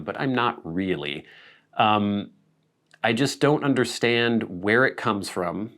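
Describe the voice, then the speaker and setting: A man's voice: on the low side, fairly bright tone. A man from the Pacific Northwest, hosting his own channel and chatting casually, musing aloud with small laughs and self-corrections. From Pacific Northwest, USA. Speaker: channel host. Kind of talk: casual vlog chat to camera.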